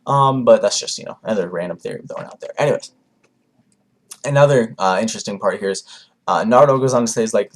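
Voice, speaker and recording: A young man giving a casual, rambling manga review, with lots of fillers and animated asides. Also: lowish voice, quick pace. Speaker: anime reviewer.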